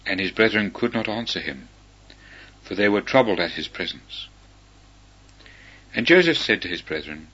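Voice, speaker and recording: A man reading scripture aloud in a slow, solemn, measured way, pausing between phrases. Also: sits low, expressive, sharp tone, husky. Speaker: scripture reader. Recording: dull lo-fi recording.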